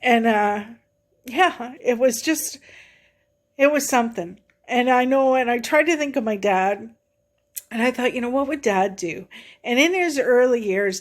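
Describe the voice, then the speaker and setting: A middle-aged woman, telling a personal story in a chatty, rambling way to a vlog audience. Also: fairly high pitch. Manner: chatty, rambling retelling with many "I said". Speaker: vlogger. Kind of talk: casual storytelling.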